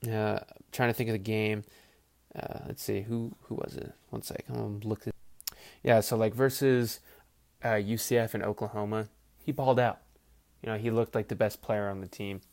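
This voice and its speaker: A man's voice: on the low side, normal speed, gravelly, no echo. A man hosting a football podcast in a loose, rambling way, swearing freely and acting out players' voices in his asides. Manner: rambling, profane, animated asides with quoted voices. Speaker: podcast host. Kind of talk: casual football commentary.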